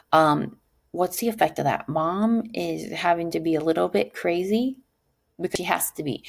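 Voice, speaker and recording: A woman teacher talking her class through a lesson in an animated way. She keeps checking in with a rhetorical "right?". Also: normal speed, vocal fry. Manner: acts out quoted lines with sudden pitch jumps.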